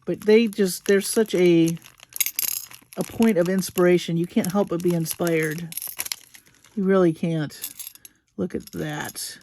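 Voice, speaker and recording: A woman hosting a crafting video, gushing slowly and admiringly over beads with soft exclamations as she unboxes them. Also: lowish voice, steady tone, a little hiss or hum. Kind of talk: unboxing commentary.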